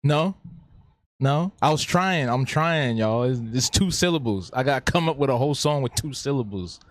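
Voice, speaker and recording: With lively intonation and a normal speed, this man's mid-range voice carries a casual live drawing stream. As a streamer and artist, he chats playfully, answers viewers, responds to the chat, and tends to repeat himself.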